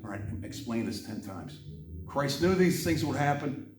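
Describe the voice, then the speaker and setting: A man hosting a heated monologue about religion, swinging from an impassioned rant to a quiet, apologetic tone. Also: fairly high pitch, very animated, measured pace, creaky, echoey room, distant mic, slight background noise. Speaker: channel host.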